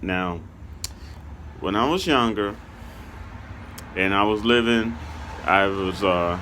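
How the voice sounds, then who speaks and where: A man from Kansas City, Missouri, tells a casual story time in an unhurried, low voice. He rambles, circles back and keeps leaning on "okay" and "you know." A faint hum sits under the talk. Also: pushed and bright. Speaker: YouTuber telling a story.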